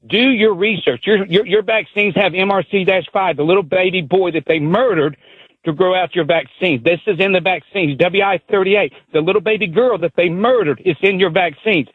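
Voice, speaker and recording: A man with a Southern twang calls in over a thin, tinny phone line, his voice a bit high and dry. He talks fast and urgent, hammering his points like a preacher. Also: dry recording. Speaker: caller. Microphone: telephone.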